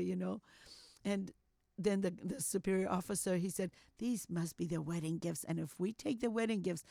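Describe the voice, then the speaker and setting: An older woman telling a personal story as an interview guest, animated, acting out what people said and sprinkling in "you know.". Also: fairly low pitch, creaky, dry recording, studio quality. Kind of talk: storytelling testimony.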